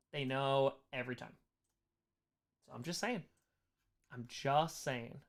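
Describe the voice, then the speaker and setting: A young man with a gravelly, fry-edged voice hosts a casual livestream question-and-answer session. He reads viewer questions out loud and answers them with loose, rambling jokes. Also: fairly high pitch. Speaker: host.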